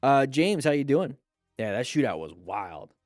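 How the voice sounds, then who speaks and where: A man's voice: mid-range voice, big pitch swings, unhurried, a little mellow, dry recording, clean studio sound. A man hosting a casual livestream as a riding instructor, upbeat and chatty, greeting viewers by name and reading out comments.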